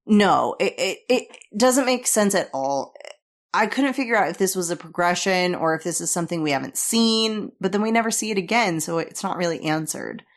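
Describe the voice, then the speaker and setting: A woman's voice: on the low side, lively intonation, normal speed. A woman co-hosting a podcast, chatting casually, questioning and frustrated about plot holes. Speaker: podcast co-host. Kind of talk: casual chat.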